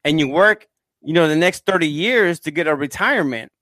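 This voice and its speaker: A man's voice: a little high, lively intonation, a little fast, pushed and bright, no echo. A man hosting a conversational interview, chatty, leading his guest with questions and restarts. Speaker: interviewer host.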